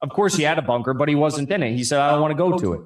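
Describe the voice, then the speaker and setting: A man's voice: fairly high pitch, rapid-fire, far from the mic. A man co-hosting a casual chat, making his case point by point. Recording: roomy echo.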